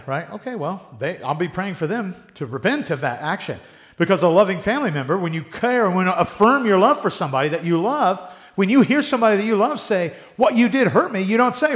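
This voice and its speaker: A man's voice: high-pitched, lively intonation, fast talker. A man preaching a sermon in a conversational way, often acting out the voices of people he quotes. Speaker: pastor.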